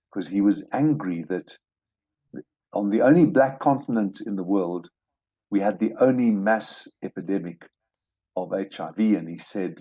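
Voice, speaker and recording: A man in his sixties from South Africa, talking as a guest in an interview, earnest and measured with emphatic turns. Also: deep voice, darkish tone, slightly rough, muffled recording. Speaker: guest, judge. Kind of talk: reflective interview talk.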